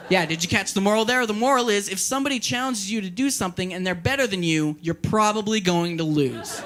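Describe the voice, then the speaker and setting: A young man performing a stand-up comedy set at a party, animated and acting out scenes in a raised, scolding voice. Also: sits high, noisy background. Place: party venue with live audience.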